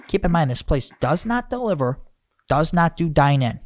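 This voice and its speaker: A man hosting a podcast, rambling and animated as he rants, with lots of restarts. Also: on the high side, normal speed, dry recording. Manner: animated, rambling, self-interrupting. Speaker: podcast host. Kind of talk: casual podcast rant.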